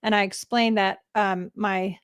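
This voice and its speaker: Cheerful woman co-hosting a livestream, gone, smooth clear voice, dry close sound. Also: mid-range voice, fairly even intonation, dry recording. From England. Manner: bubbly, laughs often, quick affirmations. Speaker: foundation board president, co-host. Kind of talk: casual livestream chat.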